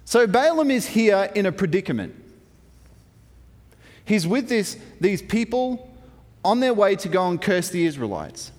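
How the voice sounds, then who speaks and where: A man retelling a Bible story in a lively, playful way, with humorous asides. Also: high voice, unhurried, pauses often. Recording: long hall reverb.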